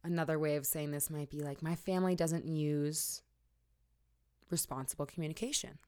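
Low-voiced woman podcast host, candid. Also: steady tone, moderate pace, a little mellow, smooth. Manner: candid, laughs often, swears casually. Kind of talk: casual coaching talk.

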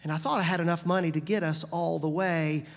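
A woman's voice: low voice, fairly even intonation, vocal fry. A woman voicing a humble, pleading man. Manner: apologetic, hesitant, then hurried pleading. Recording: long hall reverb.

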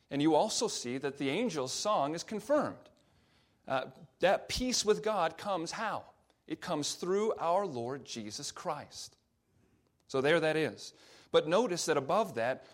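A man, a pastor, preaching a sermon and explaining scripture with frequent fillers and restarts. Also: on the high side. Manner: reads scripture aloud slowly.

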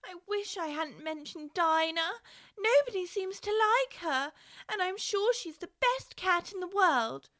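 A woman's voice: sits high, sing-song, measured pace, a bit bright, voice pushed up, heavily acted. A woman voicing an eager, earnest little girl in a storybook.

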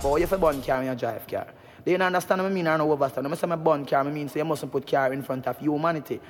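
A man's voice: on the high side, long reverb tail. A man giving a fervent Rastafarian preaching monologue, swearing as he goes. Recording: loud music playing behind.

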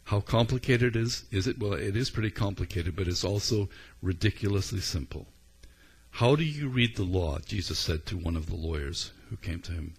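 Husky, low-voiced male preacher. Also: expressive, moderate pace. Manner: earnest and conversational, with frequent ums. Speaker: pastor. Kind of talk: sermon.

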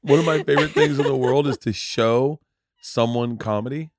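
A middle-aged man hosting a podcast in casual chat, telling animated stories with lots of swearing and acted-out quotes. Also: medium pitch, normal speed, dry recording. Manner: animated storyteller, swears often, acts out quotes. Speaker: podcast host.

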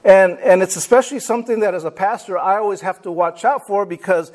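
High-voiced male pastor preaching. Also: fast. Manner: lively, talks to the congregation and acts out quoted people. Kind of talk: sermon. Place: church.

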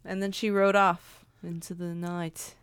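A woman's voice: lowish voice, flat delivery, unhurried, smooth, no room sound, clean studio sound. A woman co-hosting a comedy podcast, joking in casual banter. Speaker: podcast co-host.

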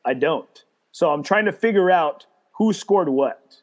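With a slightly high, expressive voice and an unhurried delivery, a man hosting a casual podcast tells a story. He swears freely, restarts again and again, and parodies others' words in a sneering voice.

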